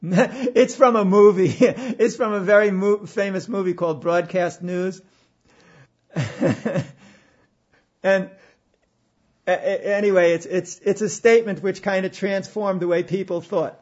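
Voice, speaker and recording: A man giving a reflective spiritual talk, halting and emphatic, with pauses and repeated phrases. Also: sits high, muffled recording. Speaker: spiritual speaker.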